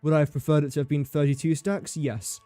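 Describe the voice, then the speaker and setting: A man's voice: on the high side, flat delivery, fast, warm tone, no echo, faint music behind. Chatty man thinking aloud while gaming. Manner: thinks aloud, chatty, talks to the game and to chat. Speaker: game streamer. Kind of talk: live gameplay commentary.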